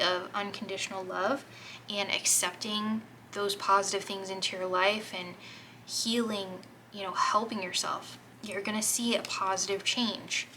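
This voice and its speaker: A woman giving a gentle, encouraging tarot reading to her viewers, gushing over the cards as she turns them. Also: medium pitch, a little hiss or hum, rough recording. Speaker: tarot reader.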